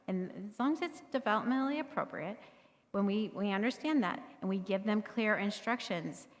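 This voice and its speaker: A middle-aged woman leading a parenting workshop, talking conversationally to the audience and often checking in with "right?". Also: mid-range voice. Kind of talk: live workshop talk to an audience. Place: church meeting room. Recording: long hall reverb.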